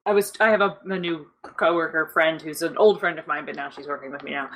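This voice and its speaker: A woman's voice: low-pitched, fairly even intonation, fast talker, a bit bright, a little hiss or hum. Woman in her 30s hosting a chatty podcast, jokey and wry, teasing herself. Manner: wry, joking, self-mocking storyteller. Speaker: podcast host. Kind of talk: casual chat.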